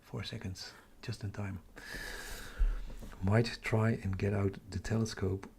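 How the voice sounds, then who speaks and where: Dutch-accented male livestream host, slow-talking and gravelly, chatty, talks to himself between comments. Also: lowish voice, little pitch movement, a little mellow, slight background noise. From Netherlands. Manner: chatty, muttering to himself while tracking captures. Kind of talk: casual live-stream chat reading comments.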